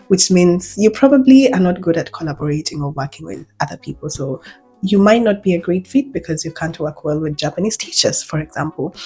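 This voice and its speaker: A woman's voice: on the low side, a little mellow, breathy edge. A woman talking to camera in a casual, direct way, giving practical advice on job interviews.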